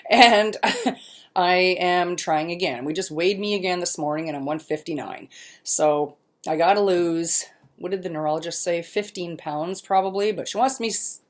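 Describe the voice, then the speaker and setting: Middle-aged woman vlogging from her mom's place, kinda low voice, chatty, laughs a lot, stops mid-sentence hunting for words. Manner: chatty, laughs often, self-deprecating. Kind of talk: casual personal vlog. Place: at her mother's home.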